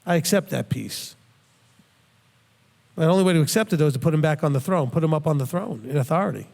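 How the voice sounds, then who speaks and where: Middle-aged guy, pretty high voice, earnest bible teaching, repeats himself a bit, long hall echo. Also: lively intonation, quick pace, gravelly, darkish tone. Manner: earnest, plain-spoken, repeats words as he thinks aloud.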